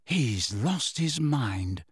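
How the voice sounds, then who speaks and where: A man doing an excitable indignant schoolboy. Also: on the high side, moderate pace, dry recording, studio quality, voice pushed up. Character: teenage schoolboy, excitable, indignant, easily rattled.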